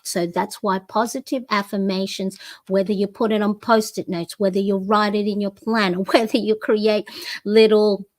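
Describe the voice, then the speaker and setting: A woman's voice: medium pitch, a little mellow, no echo. A woman in her forties hosting a motivational planner talk, encouraging and repeating affirmations, with many "you know"s. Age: 40s. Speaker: planner coach and channel host. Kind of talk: motivational live plan-with-me talk.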